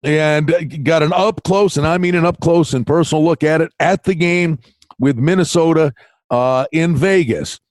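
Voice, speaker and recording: A man co-hosting a sports betting podcast, animated and folksy, calling his partner buddy and pal. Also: on the high side, moderate pace, no room sound. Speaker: podcast co-host, betting analyst. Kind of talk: casual sports betting chat.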